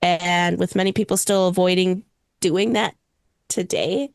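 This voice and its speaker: A woman's voice: on the low side, steady tone, a little slow, creaky, dry recording. A young woman co-hosting a paranormal podcast, casually chatting and laughing easily. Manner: laughs often, loose with fillers. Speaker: podcast co-host. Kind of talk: casual chat about superstitions.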